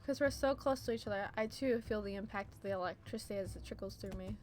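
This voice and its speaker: A woman streamer reading a visual novel aloud in first person, with steady storytelling narration and small slips. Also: mid-range voice, fast. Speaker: let's play streamer.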